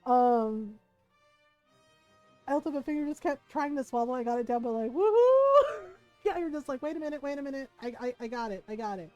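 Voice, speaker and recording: A woman with a high, mellow voice tells a rambling story to her stream, laughing often and acting out what others said. Faint music plays under her voice. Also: fairly quick, rough recording. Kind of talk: casual storytelling chat.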